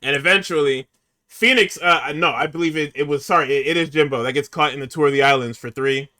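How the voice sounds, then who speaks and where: A man hosting a casual podcast, recapping a show in an exasperated, profane and animated way. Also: a little high, fast. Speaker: podcast host recapping wrestling.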